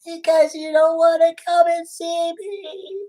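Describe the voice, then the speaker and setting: A woman's voice: extremely high pitch, fairly even intonation, slow pace, dark tone. A woman on a prank phone call, playing a lonely, clingy character who giggles and gushes emotionally. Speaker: scam baiter posing as a lonely woman.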